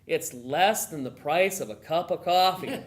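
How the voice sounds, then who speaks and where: This presenter at a gun owners' gathering speaks a little slowly in a low-sitting voice. Animated throughout, she throws questions to listeners and dramatizes conversations.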